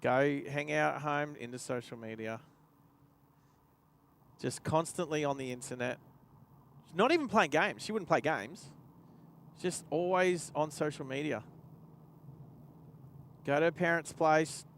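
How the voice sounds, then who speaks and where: Gravelly Australian bloke telling a story. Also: male voice, a little high, a little slow, long pauses, a bit bright, slight background noise. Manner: rambling anecdote, chuckling to himself. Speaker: driving livestream host. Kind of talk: casual storytelling while driving. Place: inside a car.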